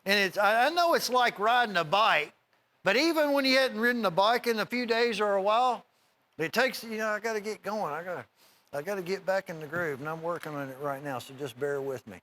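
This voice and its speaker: A middle-aged man hosting a TV shopping show, giving a folksy, rambling sales pitch straight to viewers. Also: brisk, bright, forceful tone, slight background noise. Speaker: TV shopping host.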